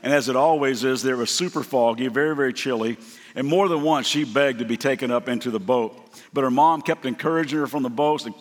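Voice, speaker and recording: A man's voice: medium pitch, fast. A middle-aged man preaching a sermon as a guest pastor, telling stories and acting out the quotes. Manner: storytelling, acts out quotes with shifts in voice. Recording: long hall reverb.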